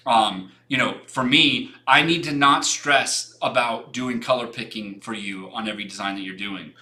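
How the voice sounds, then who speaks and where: A man's voice: medium pitch, moderate pace, sharp tone. A young man hosting a design livestream, giving frank, rambling portfolio feedback with many restarts and some casual swearing.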